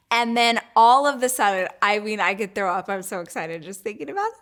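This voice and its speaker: Woman host gushing thru a story, bit high voice, acts out what she was thinking. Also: a little fast. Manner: animated, gushing, acts out her own thoughts. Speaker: podcast host. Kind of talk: casual storytelling chat.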